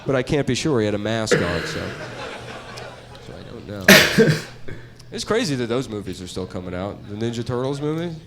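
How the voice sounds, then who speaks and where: A middle-aged man doing a stand-up comedy set, rambling and deadpan, laughing at his own jokes. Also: mid-range voice, fast talker, few pauses, very noisy.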